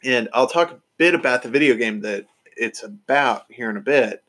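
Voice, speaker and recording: A man's voice: medium pitch, animated, normal speed, fairly bright tone. A man hosting a podcast, chatting casually and enthusiastically with lots of fillers and restarts. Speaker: podcast host.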